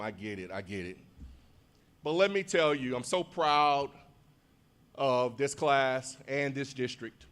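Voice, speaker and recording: A man, a school principal, giving an animated, rousing graduation speech and leading the crowd in call-and-response. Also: medium pitch, slow, long pauses, clear, resonant tone. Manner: animated, rousing delivery with big swings in loudness.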